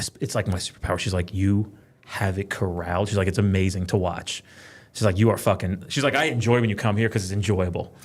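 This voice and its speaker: A man talking in a casual podcast chat, profane and quick, telling animated stories about his kids and work. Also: deep voice. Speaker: podcast guest, police trainer.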